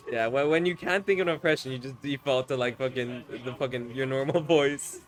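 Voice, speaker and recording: A man's voice: mid-range voice, normal speed. Teasing man commentating a match. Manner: loud, teasing, swears freely. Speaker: esports commentator. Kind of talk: casual live commentary.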